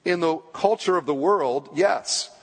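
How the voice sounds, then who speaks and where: A male pastor preaching a sermon with emphatic delivery, slowing down on key phrases. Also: on the high side, gravelly. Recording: church hall reverb.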